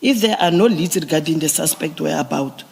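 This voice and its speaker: A man testifies before a commission in a large hearing room, explaining police procedure piece by piece with halting restarts. His voice sits a little high for a man, gravelly and husky. The sound carries a long echo from the hall. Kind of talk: formal testimony.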